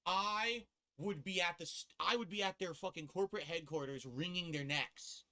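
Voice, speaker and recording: A man's voice: sits high, normal speed, pushed and bright. A man from the US East Coast ranting and cursing on a casual live stream, laughing at himself as he goes.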